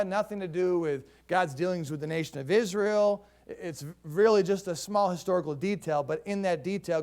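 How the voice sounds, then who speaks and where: Higher-voiced man preaching a sermon. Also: darkish tone. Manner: conversational storytelling preacher. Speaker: pastor.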